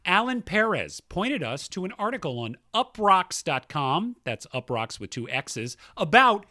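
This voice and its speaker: A man co-hosts a chatty podcast with real enthusiasm, running through listener mail. His voice leaps around in pitch with a bright, forward edge. The recording is close and dry, with no room sound. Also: very animated, a little slow, no echo. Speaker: podcast co-host. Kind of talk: casual chat.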